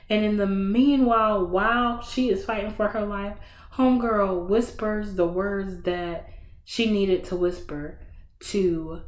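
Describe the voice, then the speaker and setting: Animated woman recapping a book, roomy sound. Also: medium pitch. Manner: animated, slangy storytelling with sudden bursts. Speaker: book podcast host. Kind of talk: casual book review chat. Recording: roomy echo.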